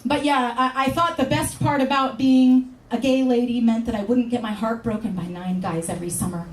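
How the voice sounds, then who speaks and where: California lady doing stand-up, wry asides, high voice, far from the mic in an echoey club. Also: normal speed. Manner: wry, deadpan asides with sudden high exclamations. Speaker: stand-up comedian. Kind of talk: stand-up comedy set. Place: comedy club stage. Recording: roomy club sound from far off.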